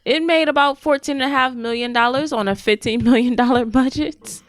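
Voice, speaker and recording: A woman co-hosting a podcast in casual chat, chatty and quick to laugh. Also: high-pitched. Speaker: podcast co-host.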